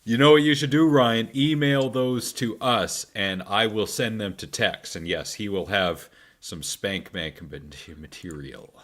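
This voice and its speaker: Slow-talking podcast host, teasing. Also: male voice, lowish voice, a bit bright. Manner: joking, teasing. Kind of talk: casual podcast chat.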